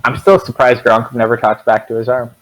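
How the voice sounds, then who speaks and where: A man's voice: medium pitch, level tone, a little fast, rough recording. A young man running a tabletop game as dungeon master, joking with his players.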